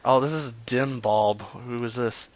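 A man runs a loose prank-call show, his voice pitched at an ordinary middle height. He jokes crudely, rambles and lets his sentences trail off into mutters. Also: steady tone, measured pace. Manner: crude, joking, trails off into mumbles. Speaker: prank caller hosting a call-in stream. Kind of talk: casual rambling chat with prank calls.

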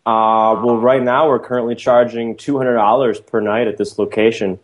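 A man co-hosting a prank call show, playful and joking, posing deadpan as an official. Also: mid-range voice, normal speed. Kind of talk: prank calling and banter.

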